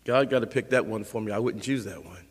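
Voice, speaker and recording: A man preaching a sermon as pastor, conversational and lively, acting out little scenes for his listeners. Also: on the low side, fast talker, husky, long reverb tail.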